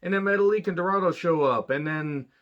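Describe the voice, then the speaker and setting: A man's voice: sits high, fairly quick, fairly bright tone, lo-fi sound. A man giving a casual, profane wrestling review, blunt and sarcastic, rambling with restarts.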